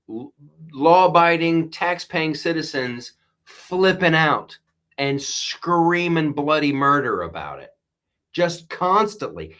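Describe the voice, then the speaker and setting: Slow, rambling male show host. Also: on the high side, very animated, fairly bright tone. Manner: rambling, emphatic, reads viewer comments aloud. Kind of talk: casual political commentary.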